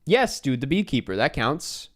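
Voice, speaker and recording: A man streaming a geography guessing game, talking to himself and his chat in an excitable, casual way. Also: medium pitch, moderate pace. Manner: excitable, talks to himself while guessing, swears. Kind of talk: casual live gameplay chat.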